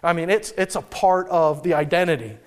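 A man's voice: a little high, brisk. A man pastor preaching a conversational sermon in a church in New England, telling stories with frequent restarts. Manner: casual and storytelling, with frequent restarts.

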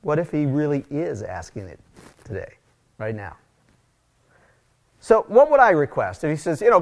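A man's voice: on the high side, normal speed, pauses often. A middle-aged man preaching a conversational sermon, telling stories with casual asides. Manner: casual, animated, storytelling with asides. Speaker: pastor.

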